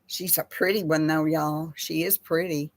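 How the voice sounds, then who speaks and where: An older woman chatting casually with live viewers in a slow, folksy way. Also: low voice, fairly even intonation. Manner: slow folksy talk, baby voice to her pets. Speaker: host of a live chat with viewers. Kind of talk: casual live-stream chat reading viewer comments.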